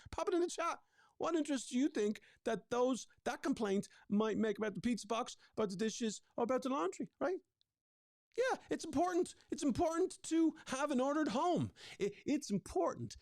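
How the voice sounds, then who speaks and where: Energetic man teaching a live workshop. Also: very high-pitched, dry recording, studio quality. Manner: energetic, repeats words, asks the audience. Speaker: relationship coach presenting a workshop. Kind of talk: live online workshop talk.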